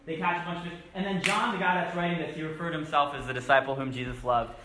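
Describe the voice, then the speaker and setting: A man's voice: fairly high pitch, fairly even intonation, fast, background noise. A man giving a sermon, reading scripture aloud and explaining it in a conversational teaching manner. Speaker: preacher. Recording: echoey room.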